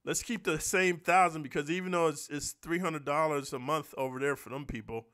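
A man's voice: fairly high pitch, steady tone, brisk, a bit bright. A man talking straight to his viewers in a loose, profane vlog rant, swearing constantly and tagging lines with "bro" and "man.". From United States. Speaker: stunt performer and vlogger. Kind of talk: casual profane monologue to camera.

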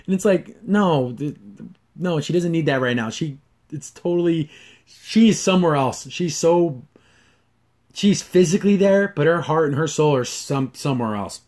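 A man hosting a casual solo review, rambling with frequent restarts and fillers, and acting out characters' lines in lively voices. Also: on the high side, unhurried. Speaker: host reviewing a cartoon episode.

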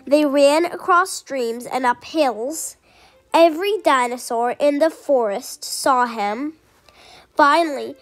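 High-voiced woman reading a picture book. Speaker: storyteller. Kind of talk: children's book read-aloud.

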